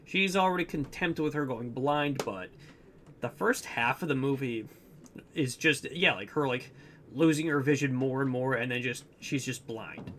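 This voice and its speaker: A man's voice: mid-range voice, normal speed, fairly bright tone, slight background noise. A young man co-hosting a podcast, retelling a movie plot in rambling casual chat with lots of fillers. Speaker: podcast co-host.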